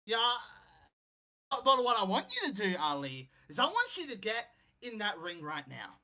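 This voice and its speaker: A man's voice: very high-pitched, very animated, normal speed, pushed and bright, pitched above the performer's own voice, full character voice. A man playing an angry male wrestling promoter who rants and threatens an employee, in a game commentary role-play. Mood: furious.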